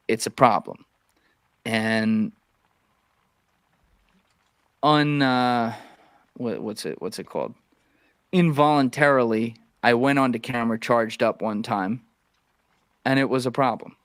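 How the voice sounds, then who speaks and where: A man in a loose podcast chat, mid-pitched and plain-spoken, who swears freely and gets worked up as he argues. He sits close to the mic, and the sound is dry with no room echo. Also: unhurried, long pauses, clean tone. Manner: blunt, profane, animated opinions. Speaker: podcast guest. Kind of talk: casual podcast conversation.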